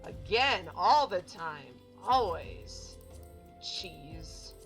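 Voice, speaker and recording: A young woman chatting casually and jokingly while playing a game, bubbly and animated. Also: fairly low pitch, very slow. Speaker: game streamer. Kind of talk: casual let's-play commentary. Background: faint game music.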